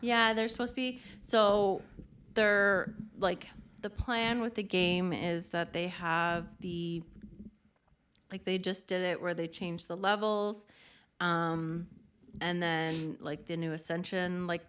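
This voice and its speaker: A woman's voice: on the low side, fairly even intonation, slow pace, a bit bright, smooth. A woman co-hosting a casual chat, telling a funny story about a game with lots of fillers and laughter. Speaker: podcast co-host.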